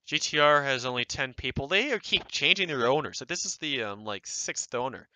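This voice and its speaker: A young man giving rambling, sarcastic commentary on online game groups, getting animated as he mocks them. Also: mid-range voice, normal speed, rough recording. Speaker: video creator reviewing online game groups. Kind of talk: casual screen-recorded commentary.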